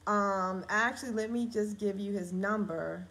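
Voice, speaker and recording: A woman's voice: medium pitch, normal speed, a bit bright, rough recording. A woman writer chatting on a live stream, reading her draft aloud and correcting herself as she talks straight to her viewers. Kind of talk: casual live-stream chat.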